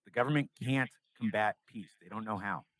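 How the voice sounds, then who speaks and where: Podcast guest: young man, low voice, dry close sound, animated storyteller. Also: a little fast, dry recording, poor audio. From California, US. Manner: animated storyteller acting out dialogue. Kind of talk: casual storytelling interview.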